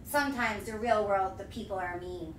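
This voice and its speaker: A woman's voice: mid-range voice, normal speed, a little hiss or hum. A young woman chatting on a live stream, bubbly and effusive, often out of breath. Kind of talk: casual live-stream chat. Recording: echoey room, mic at a distance.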